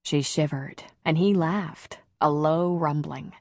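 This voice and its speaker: A woman narrating a romance audiobook in a slow, measured, intimate reading. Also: low voice, dry recording, clean studio sound.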